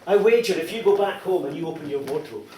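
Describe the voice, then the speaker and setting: Middle-aged scottish guy cracking jokes at a dinner, kinda high voice, big echoey room. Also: fast talker. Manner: anecdotal, teasing, lively storytelling. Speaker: after-dinner speaker. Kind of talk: after-dinner comic speech. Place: large dining hall. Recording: echoey hall, distant mic, background noise.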